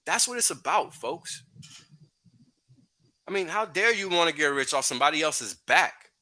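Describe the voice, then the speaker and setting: A man's voice: a little high, lively intonation, normal speed, pushed and bright. A man hosting a livestream, ranting profanely and heatedly with frequent laughs. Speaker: podcast host.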